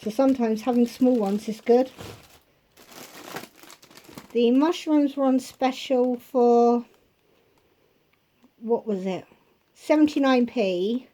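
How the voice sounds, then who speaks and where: Chatty woman with a mellow voice. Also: on the high side, takes it slowly, long pauses. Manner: rambling, with chatty asides. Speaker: vlogger showing a grocery haul. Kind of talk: casual chatty haul video. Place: home kitchen.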